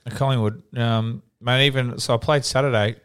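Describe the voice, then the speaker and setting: Telling stories with energy and swearing freely, a young Australian ex-footballer chats casually as a podcast co-host. His voice is smooth and medium-pitched, and he talks fairly quickly.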